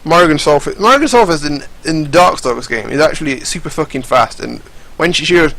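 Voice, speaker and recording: A man's voice: fairly high pitch, animated, fast, gravelly, sharp tone, rough recording. A young man giving casual, rambling, profane commentary over fighting game footage, often restarting his sentences.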